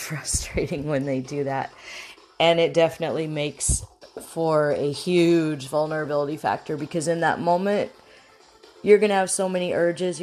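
A woman's voice: deep voice, a little mellow. A woman talking straight to the listener, explaining things in a conversational, advising way. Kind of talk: advice talk to the viewer.

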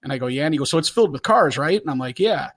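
Animated storytelling man, high-pitched. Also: rapid-fire. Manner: animated storyteller, acts out quotes loudly. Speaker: podcast host, former police K9 handler. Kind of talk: casual storytelling chat.

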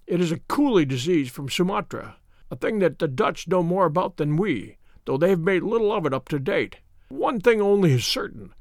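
A man voicing a gaunt, feverish sick detective who speaks in a feeble, croaking voice with sharp, imperious commands. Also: a little high, no room sound, studio quality.

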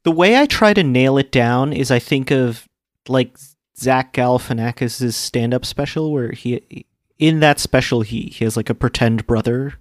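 A man's voice: medium pitch, moderate pace, no echo, clean studio sound. A man co-hosting a casual podcast chat, making short, mild remarks.

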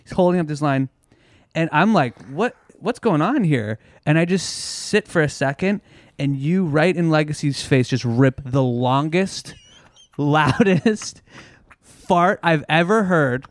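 A man on a podcast telling a crude story in an animated way, often laughing. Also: fairly high pitch, unhurried, dry recording. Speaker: podcast co-guest. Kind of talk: casual storytelling chat.

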